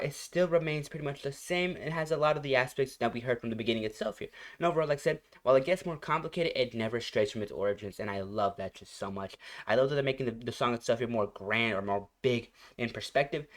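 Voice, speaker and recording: Gushing, rambling young man reacting. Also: medium pitch. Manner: gushing, rambling, searching for words; laughs often between phrases. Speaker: reaction channel host. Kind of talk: casual reaction commentary.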